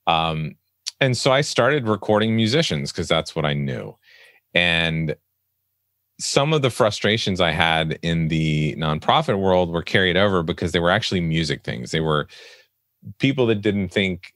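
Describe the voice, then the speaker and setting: Podcast host, man, thirties, very low voice, animated storyteller who acts out his own quotes. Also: no echo, clean studio sound. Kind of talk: casual interview conversation.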